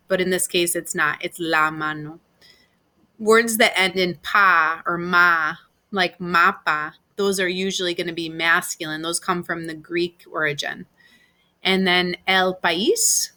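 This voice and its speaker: A woman's voice: lowish voice, sharp tone. A woman teaching Spanish grammar in a recorded class, explaining patiently step by step with examples.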